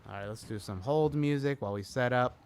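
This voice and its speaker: A man's voice: mid-range voice, a little fast, darkish tone, slight background noise. A man co-hosting a livestream, chatting loosely and joking with viewers. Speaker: podcast co-host. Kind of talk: casual livestream chat.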